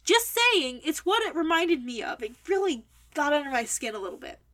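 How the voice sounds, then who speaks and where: A young adult woman with a high voice delivers a critical book review monologue. She is opinionated and wordy, picking the writing apart point by point. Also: sing-song, normal speed, fairly bright tone.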